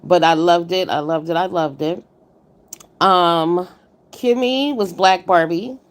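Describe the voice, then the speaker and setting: A woman's voice: on the low side, takes it slowly. A woman hosting a casual livestream, giving blunt commentary on a contest and greeting viewers by name. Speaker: livestream host reviewing a contest.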